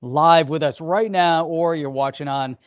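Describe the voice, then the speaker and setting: A man's voice: on the high side, measured pace, no echo, studio quality. A man co-hosting a casual livestream, upbeat and laughing often as he banters with his co-host.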